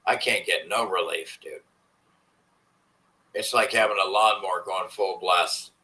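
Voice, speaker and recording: On a rough recording, a man with a low, bright, forceful voice speaks unhurriedly to his live-stream viewers. The vlogger rambles casually, cursing as he vents his frustrations.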